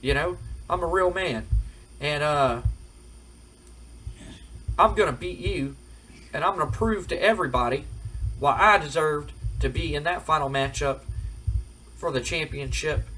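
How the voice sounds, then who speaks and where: A man's voice: fairly high pitch, a little slow, long pauses, bright, forceful tone, a little hiss or hum, poor audio. Man doing a cocky wrestler bragging. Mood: boastful. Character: cocky, boastful male pro wrestler.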